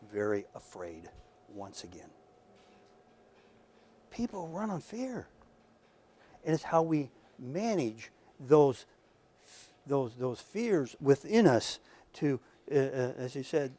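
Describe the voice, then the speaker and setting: A man's voice: a little high, darkish tone. A man lecturing at a workshop in a conversational, emphatic way, often repeating words and speaking straight to his audience. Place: lecture room.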